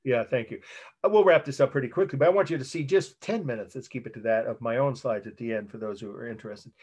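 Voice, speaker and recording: A man's voice: mid-range voice, a little mellow, husky. Man lecturing art history on a video call. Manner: conversational, halting, with restarts and asides. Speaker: college art history instructor. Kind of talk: online lecture. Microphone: computer mic on a video call. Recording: video call audio with dropouts.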